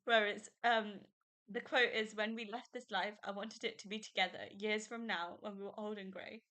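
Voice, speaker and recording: Gushing bright-voiced young woman podcaster. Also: medium pitch, fairly even intonation, moderate pace. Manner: gushing, emotional, laughs often. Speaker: podcast host. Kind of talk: casual book review chat.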